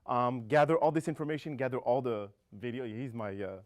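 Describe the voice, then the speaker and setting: A man's voice: medium pitch, a little fast. Man hosting a comedy show. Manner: loose, rambling, laughs at his own jokes. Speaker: show host. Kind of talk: casual hosting with jokes.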